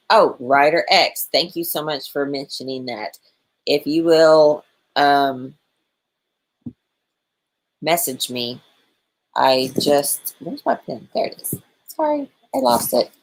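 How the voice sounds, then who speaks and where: Brief: woman, 40s, very deep-pitched, chatty livestream co-host who walks viewers through steps. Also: slight background noise. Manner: chatty, apologetic, gives step-by-step instructions. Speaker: co-host of a motorcycle channel livestream. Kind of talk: casual livestream chat.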